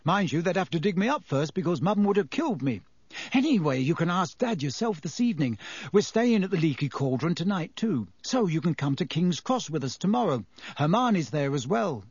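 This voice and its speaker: A man doing a cheeky, excitable teenage boy. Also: a little high, a little fast, husky, no echo, exaggerated voice. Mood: joking.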